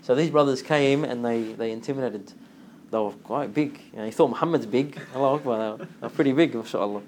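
A man giving an informal religious talk, telling a story with lively acted-out dialogue and frequent laughter. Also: mid-range voice, quick pace, slight background noise. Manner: animated storytelling, acts out dialogue, laughs often. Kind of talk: informal religious lesson with anecdote.

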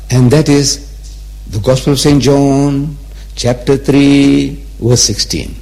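A man's voice: a little high, darkish tone. A man in his seventies giving a public religious lecture, emphatic and repetitive, teasing his listeners with rhetorical questions. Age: 70s.

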